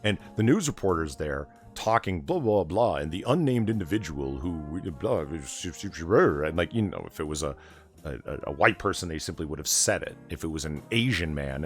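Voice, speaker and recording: A man's voice: low-pitched, fairly bright tone. A man hosting a late-night casual chat, talking in a sardonic, profane rant. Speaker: host.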